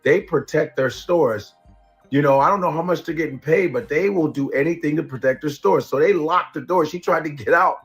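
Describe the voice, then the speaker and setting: A man telling a funny story on a live stream, animated and profane, laughing at his own jokes. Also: fairly high pitch, brisk, faint music behind.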